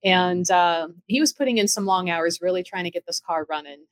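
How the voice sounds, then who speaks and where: A middle-aged woman casually telling ghost stories from her own home, chatty and lively, acting out the voices of the people in her story. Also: lowish voice, a little fast, no echo. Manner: chatty, animated, acts out quoted dialogue. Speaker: storyteller recounting ghost encounters.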